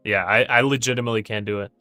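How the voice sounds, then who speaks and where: Bright-toned, flat-voiced man hosting a trading stream. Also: lowish voice, racing, no room sound, soft background music. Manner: chatty, thinks aloud with fillers and restarts. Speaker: day trading livestream host. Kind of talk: casual live trading commentary.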